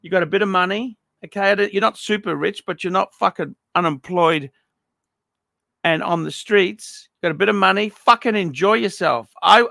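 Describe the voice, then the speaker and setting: A man's voice: high-pitched, vocal fry, sharp tone, dry recording, studio quality. A middle-aged man giving a blunt, profane, ranting review of a viewer's watch collection. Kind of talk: unscripted paid review monologue.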